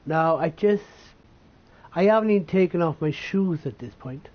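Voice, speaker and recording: A man from the United Kingdom telling a painful personal story, halting, tearful and swearing as he talks. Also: fairly high pitch, dull audio. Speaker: vlogger.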